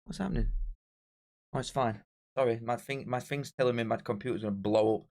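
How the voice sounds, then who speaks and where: Excitable lad hosting a live stream. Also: male voice, medium pitch, fast. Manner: excitable, bantering, talks straight to chat. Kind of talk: casual live-stream chat.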